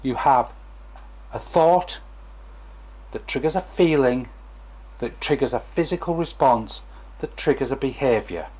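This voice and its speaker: A man's voice: medium pitch, a little slow, long pauses, darkish tone, slightly rough. A former stammering therapist, a man, gives a chatty, digressive talk to camera and acts out examples as he goes.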